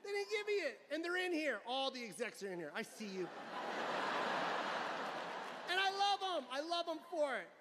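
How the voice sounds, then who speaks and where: A middle-aged man doing stand-up comedy on an arena stage, telling an animated story, acting out family members and sound effects, swearing often and shouting punchlines. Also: extremely high pitch, moderate pace, long pauses. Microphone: handheld stage mic. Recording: live arena show with crowd noise.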